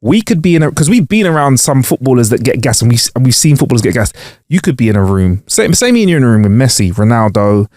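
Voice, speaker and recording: Lively-voiced comedian. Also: male voice, medium pitch, quick pace, hardly any pauses, no echo, clean studio sound. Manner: lively, storytelling, slangy. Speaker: podcast co-host, comedian. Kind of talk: casual banter.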